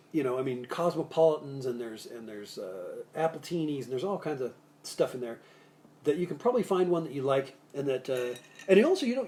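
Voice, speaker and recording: A man's voice: on the high side, warm tone. A man hosting a live cocktail show, chatting casually and jokily, rambling with restarts and asides as he gives bartending tips. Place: Salt Lake City area.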